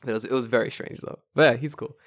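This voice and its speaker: A man in his late twenties chatting casually as a podcast co-host. He tells stories in an animated way, swears freely and slips into acted-out voices of the people in them. His voice sits at an ordinary middle pitch and is recorded close and dry. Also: quick pace, no echo. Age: 20s. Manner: animated storyteller, swears freely, acts out quotes. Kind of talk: casual chat.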